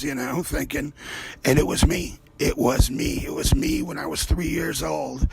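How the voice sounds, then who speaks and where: A slightly high voice with vocal fry and lively intonation belongs to an artist hosting his own show, talking at a moderate pace as he paints. He rambles casually, swears freely and slips from aside to aside, with slight background noise present.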